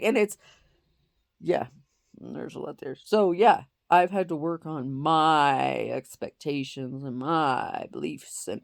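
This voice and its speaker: Low-voiced woman giving candid life advice. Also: no room sound, clean studio sound. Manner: candid, swears freely, emphatic repetition. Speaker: self-help speaker. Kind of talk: casual motivational monologue.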